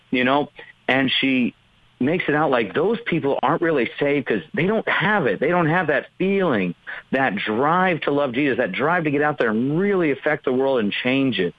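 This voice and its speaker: A man's voice: medium pitch, expressive, moderate pace, no echo, highs cut off. A man, a pastor, explaining theology in an earnest, emphatic way during a podcast discussion.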